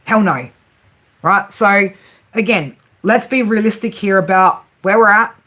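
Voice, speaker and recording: A woman in her thirties talks straight to camera through a tarot reading, loose and conversational. She swears without a second thought and laughs easily, and she keeps checking in with a quick "right?" after her points. Her voice sits in a middling register. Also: mid-range voice, a bit bright. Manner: chatty and blunt, swears freely, laughs often, tags lines with "right?". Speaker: tarot reader and psychic.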